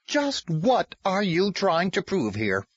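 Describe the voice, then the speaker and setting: A man's voice: sits high, wildly swooping pitch, fairly quick, husky, dry recording, voice pushed up, heavily acted. A man voicing an angry, controlling woman official who trembles with rage as she threatens. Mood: outraged. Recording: dry, slightly muffled lo-fi.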